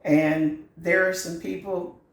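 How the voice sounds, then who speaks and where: A woman's voice: lowish voice, level tone, slow pace, roomy sound. A middle-aged woman, hosting a home cooking channel in a folksy, earnest and sentimental chat from her kitchen. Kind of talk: heartfelt direct-to-camera chat.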